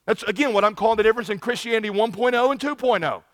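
A pastor preaching a sermon in an animated way, acting out quoted lines with big swings in volume. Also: male voice, sits high, very fast, in a large hall.

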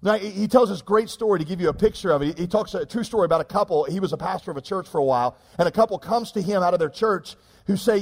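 A man, preaching a sermon in an animated, joking, self-deprecating way. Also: high-pitched, fast, hardly any pauses, in a large hall. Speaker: pastor.

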